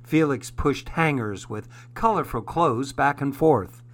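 A man hosting a program, reading a children's story aloud in a gentle, measured way. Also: mid-range voice, expressive.

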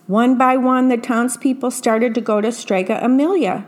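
A woman reading a picture book aloud, pausing to describe the pictures casually. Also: on the high side. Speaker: storyteller.

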